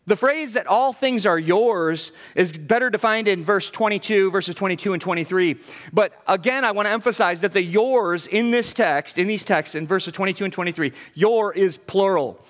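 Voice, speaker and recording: Man, middle-aged pastor, sermon, high voice, emphatic, rhetorical questions, long reverb. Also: normal speed, a bit bright. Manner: emphatic preaching with humor, rhetorical questions to the congregation. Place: church sanctuary.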